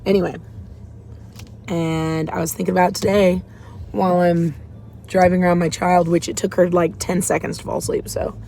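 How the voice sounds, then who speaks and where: A woman with a low, gravelly voice talks from her parked car with faint outdoor sound around her. She rambles in a candid, open way, sharing feelings and faith with her viewers. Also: little pitch movement, moderate pace, dark tone, slight background noise. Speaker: faith vlogger. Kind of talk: casual confessional vlog. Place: parked car in a store parking lot.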